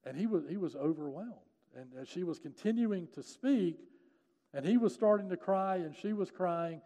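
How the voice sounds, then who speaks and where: A man preaching a sermon in church, telling a story and leading prayer, earnest, alternating urgent emphasis with soft, low passages. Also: moderate pace. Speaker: pastor. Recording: long hall reverb.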